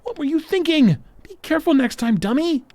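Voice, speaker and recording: A man's voice: very high-pitched, lively intonation, normal speed, a bit bright, voice pushed up, heavily acted. A man voicing a worried, bossy teenage schoolgirl who scolds in a raised, exasperated voice. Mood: scolding.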